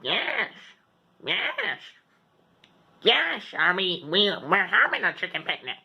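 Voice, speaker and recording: A young man voicing an excitable small puppet bird with a nasal, crunched-up voice. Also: high voice, slow, gravelly, husky, heavily acted. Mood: excited.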